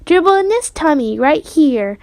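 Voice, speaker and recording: A woman's voice: high voice, sing-song, moderate pace, a little mellow, dry recording, pitched above the performer's own voice. A woman voicing a mischievous toddler boy who talks in short, babyish, sing-song bits. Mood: impish.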